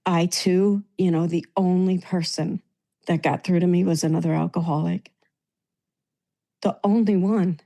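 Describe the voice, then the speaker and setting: New lady on a video call, emotional and grateful, mellow voice. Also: lowish voice, steady tone, unhurried, creaky. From New York. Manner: heartfelt, tearful at times, grateful. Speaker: meeting participant. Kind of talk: emotional sharing in a recovery meeting.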